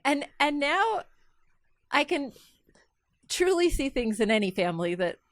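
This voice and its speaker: A woman co-hosting a casual podcast, reflective and measured, a little self-mocking. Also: high voice, big pitch swings, no room sound. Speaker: podcast co-host.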